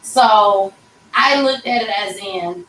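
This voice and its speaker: A woman's voice: medium pitch, slow, a bit bright. Woman host in her 30s, candid storyteller, off-mic in a roomy shop with faint background hum. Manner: candid and conversational, addressing viewers as y'all. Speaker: livestream host telling a personal story. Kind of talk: casual emotional storytelling. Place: tattoo shop. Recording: echoey room, mic at a distance.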